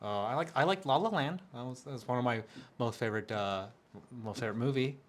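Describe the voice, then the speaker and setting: A man's voice: mid-range voice, fast. A young man hosting a casual podcast chat, laughing often and repeating words for emphasis. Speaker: podcast host.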